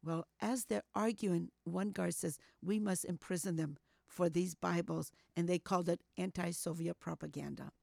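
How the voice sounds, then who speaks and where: An older woman telling a personal story as an interview guest, animated, acting out what people said and sprinkling in "you know.". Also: on the low side, moderate pace, creaky, hardly any pauses, dry recording, clean studio sound. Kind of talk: storytelling testimony.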